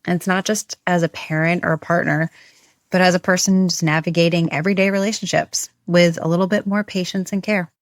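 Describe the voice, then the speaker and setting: A woman from the show's staff sharing a measured, thoughtful personal reflection. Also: lowish voice, fairly even intonation, dry recording, studio quality. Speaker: show staff member.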